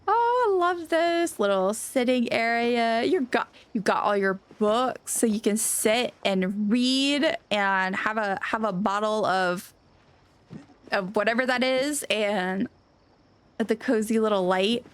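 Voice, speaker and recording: A woman game streamer chatting casually on a live stream, gushing and excitable, rambling with lots of restarts. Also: fairly high pitch, slow pace, clean tone.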